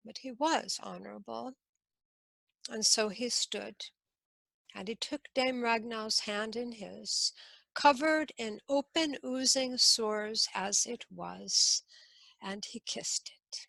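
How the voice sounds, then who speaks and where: A woman storyteller telling a medieval tale slowly and expressively, with dramatic pauses. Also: fairly high pitch, vocal fry, pushed and bright, no room sound, poor audio. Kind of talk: oral storytelling.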